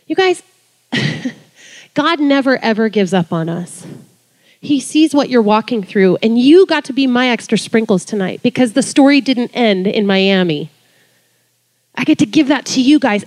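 A woman in her forties, a worship leader, telling a lively story in a sermon, her voice jumping high when excited. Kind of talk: sermon testimony.

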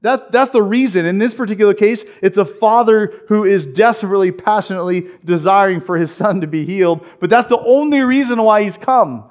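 Animated preacher man. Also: high-pitched, fairly quick, hardly any pauses. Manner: animated preaching, acting out quoted voices. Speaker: pastor. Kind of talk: sermon.

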